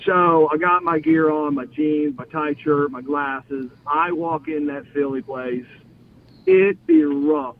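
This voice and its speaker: Animated man storyteller over a phone line. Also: fairly high pitch, measured pace, hardly any pauses, a little hiss or hum. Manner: animated storyteller acting out others' lines, laughing often. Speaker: interview guest, former pro wrestler. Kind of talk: casual storytelling interview.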